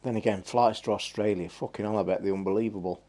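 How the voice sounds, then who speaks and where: A man's voice: lowish voice, fairly even intonation, fast, warm tone. A man hosting a gaming live stream, chatting in a rambling, blunt and sweary way. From England. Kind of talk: casual live-stream chat.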